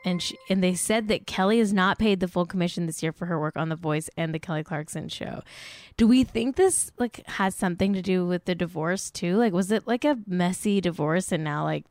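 A woman's voice: fairly low pitch, normal speed, darkish tone, dry recording, clean studio sound. A young woman hosting a casual celebrity gossip podcast, chatty and self-mocking, swearing now and then and saying "like" a lot. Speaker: podcast host.

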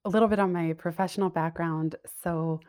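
A woman guest on a remote-call interview has a fairly low, fairly even voice that's a little fast and a little mellow, recorded dry and studio-clean. As a career coach and business owner, she reflects openly, laughs readily, and keeps restarting her sentences.

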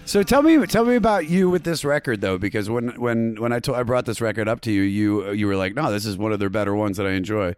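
A man hosting a podcast in casual chat, chiming in with short reactions and quick laughs. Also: on the low side, darkish tone, smooth, soft background music. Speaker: podcast host.

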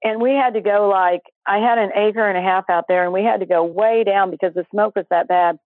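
A woman's voice: mid-range voice, fairly even intonation, a little fast, dry recording. A middle-aged woman tells a heartfelt personal story as an interview guest. She talks in an earnest, breathless way and acts out what people said. Her voice comes through a thin, phone-like line with no room sound.

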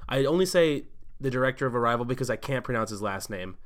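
A young man co-hosting a podcast in casual chat, excitable and slangy, often laughing and emphatic. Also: medium pitch, quick pace. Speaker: podcast co-host.

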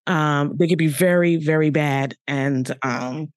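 A woman's voice: low voice, a little slow, no room sound, studio quality. A woman hosting an interview podcast, chatting casually and praising her guest, with many fillers. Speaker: podcast host.

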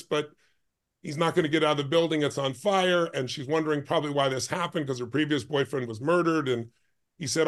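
Intense, emphatic man telling a story. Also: on the high side. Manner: emphatic, intense, speeds up in bursts. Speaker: guest, life and business strategist. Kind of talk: storytelling in a podcast conversation.

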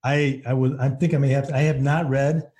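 A man appearing as a guest on an interview podcast, a business coach who talks quickly and often restarts his sentences. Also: medium pitch, flat delivery, mellow. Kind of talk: casual interview chat.

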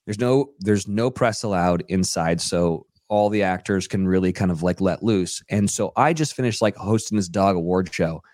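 A man guesting on a podcast, telling a long anecdote in a loose, animated way with plenty of fillers and acted-out quotes. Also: low voice, moderate pace, few pauses, no room sound, studio quality. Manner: animated storyteller who acts out quotes, many fillers. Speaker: podcast guest, radio DJ and TV personality. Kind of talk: casual anecdotal storytelling. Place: podcast studio.

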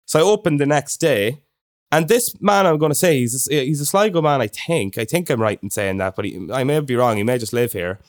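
A man's voice: mid-range voice, brisk. A young Irish man telling a long, chatty anecdote on a casual podcast. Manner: chatty anecdotal storyteller, animated impressions of others. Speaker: podcast co-host. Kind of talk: casual chat, storytelling.

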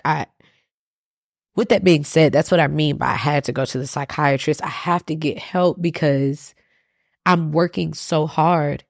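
A woman's voice: deep voice, gravelly, darkish tone, dry recording, studio quality. A woman hosting a solo podcast, talking candidly and emotionally straight to her listeners. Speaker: podcast host.

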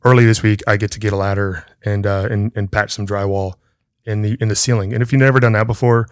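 A man's voice: fairly low pitch, fairly even intonation, fast talker, no echo, clean studio sound. A middle-aged man hosting a podcast, telling a story in casual chat, laughing often and acting out the voices in it. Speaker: podcast host.

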